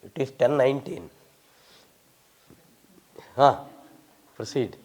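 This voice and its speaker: A visiting Sanskrit scholar, an older man from India with an Indian English accent, answers audience questions emphatically, lecturing with wry humour. His medium-pitched voice is slightly mellow, and he takes his time.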